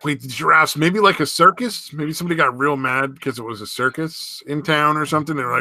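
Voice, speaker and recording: Bright, dry-sounding man rambling on a podcast. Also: fairly high pitch, brisk, hardly any pauses, no room sound. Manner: profane, rambling, loses his train of thought. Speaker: podcast co-host. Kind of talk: casual podcast banter.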